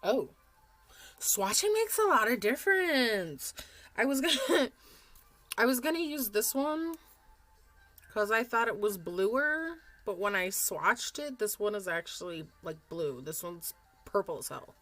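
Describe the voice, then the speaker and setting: A woman's voice: mid-range voice, expressive, unhurried, a bit bright, faint music behind. A woman in her thirties chatting casually and rambling as she does her makeup at home on camera for a vlog, swearing freely. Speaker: vlogger.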